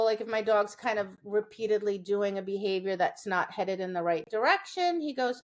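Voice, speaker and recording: Woman dog trainer explaining, slightly high voice. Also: animated, unhurried. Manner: explanatory, keeps checking in with "right?". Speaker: dog trainer and podcast co-host. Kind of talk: casual podcast chat.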